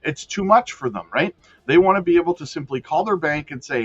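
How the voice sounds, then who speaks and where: A man's voice: mid-range voice, normal speed, a bit bright, muffled recording, soft background music. A man hosting a crypto news show, reading the news aloud and breaking off into casual asides to viewers, often correcting himself. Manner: addresses viewers as guys, frequent self-corrections.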